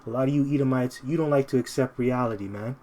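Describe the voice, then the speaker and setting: In a mellow voice at an ordinary middle pitch, a man preaches scripture informally in a loose, street-style way. He's emphatic and repetitive, pressing his points again and again and ending phrases with "man," and he slows down deliberately to read verses aloud.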